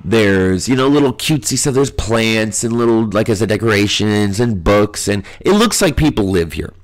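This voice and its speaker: A man talks alone on his podcast, his voice nasal and clogged by a stuffy nose. He rants and swears freely in a loose, casual flow. His voice sits a little low. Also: expressive, normal speed. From US Midwest. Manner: crude, ranting, profane. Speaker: podcast host. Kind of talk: casual solo podcast monologue.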